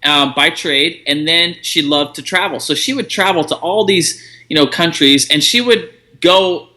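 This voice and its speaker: Bright, upbeat man telling a story. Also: fairly high pitch, normal speed. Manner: relaxed, chatty, acts out quoted dialogue. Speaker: guest. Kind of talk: casual interview storytelling.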